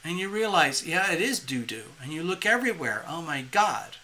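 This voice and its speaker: Giving a live reading at a moderate pace, the tarot reader has a mid-range voice and a rambling, animated style, playing out the inner voices they mention and cracking themselves up.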